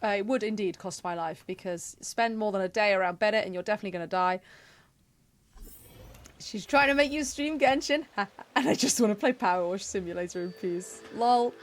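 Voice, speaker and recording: A woman's voice: medium pitch, quick pace, hardly any pauses. A woman who streams games, chatting casually, laughing often and reading the game text aloud. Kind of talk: casual gameplay commentary.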